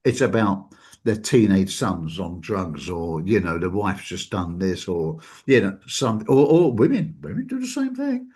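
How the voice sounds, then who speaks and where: A man's voice: low-pitched, animated, measured pace, a little mellow. A man hosting a reflective talk show, speaking loosely and conversationally, with frequent fillers and chuckles, acting out the people he quotes. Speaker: podcast host.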